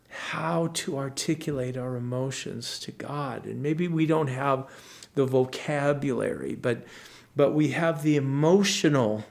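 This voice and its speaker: A male pastor giving a devotional Bible teaching, slow and earnest, with frequent restarts and emphatic bursts. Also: medium pitch, vocal fry.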